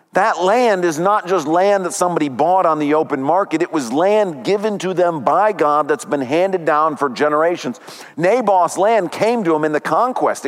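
Dramatic preacher, higher voice, long reverb. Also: male voice. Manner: dramatic storytelling with big pitch swings. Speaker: pastor. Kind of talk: sermon.

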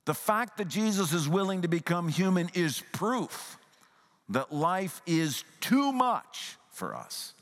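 A man preaching a sermon as a pastor, earnest and conversational, at times dropping to a soft, hushed voice. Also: high voice, big pitch swings, slow pace, in a large hall.

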